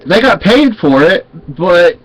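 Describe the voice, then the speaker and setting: A man's voice: high voice, big pitch swings, takes it slowly, a bit bright. A man telling a story to his viewers in a casual, digressive way, stopping to correct himself. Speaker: vlogger. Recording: dull lo-fi home recording.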